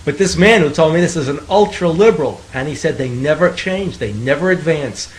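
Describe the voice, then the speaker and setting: A man's voice: a little high, animated, fairly quick, poor audio. A man co-hosting a talk radio show, chiming in with wry comments. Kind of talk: casual talk radio banter.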